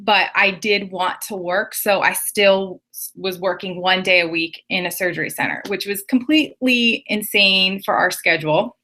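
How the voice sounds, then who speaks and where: Woman, 30s, guest on a video call, bright tense tone, candid storyteller. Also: medium pitch. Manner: candid and warm storytelling, quick asides. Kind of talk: personal story on a group call.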